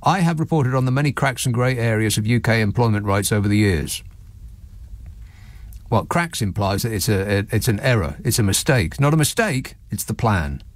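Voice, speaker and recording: A man hosting talk radio, sardonic and mocking as he picks apart stories. His pitch leaps around as he talks. He is recorded close and dry in a studio. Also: normal speed, no room sound. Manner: sarcastic, mocking, lively asides. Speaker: radio phone-in host.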